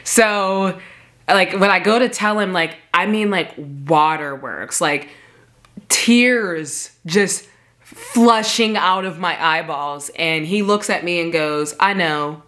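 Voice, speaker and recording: A woman's voice: fairly low pitch, takes it slowly, fairly bright tone. A woman telling a personal story in a casual storytime vlog, emphatic and peppered with "like". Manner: casual, emphatic, heavy filler "like". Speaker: vlogger.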